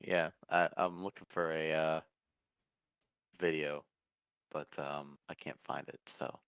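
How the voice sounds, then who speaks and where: A man's voice: rumbling low, steady tone, takes it slowly, a bit bright, clean tone, no room sound. A man co-hosting a casual political stream, making dry, laid-back remarks. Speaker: co-host. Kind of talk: casual chat.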